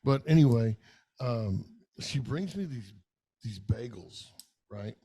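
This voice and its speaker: A man's voice: medium pitch, lively intonation, slow, warm tone, husky. A middle-aged man, telling a long, profane, rambling story in casual podcast chat. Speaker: podcast co-host.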